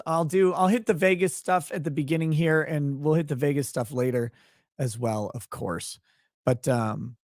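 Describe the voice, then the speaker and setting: A man hosting a casual live stream, talking in a rambling, halting way with wry asides. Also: a little high, no room sound, clean studio sound. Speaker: livestream host and lawyer. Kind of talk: casual livestream chat.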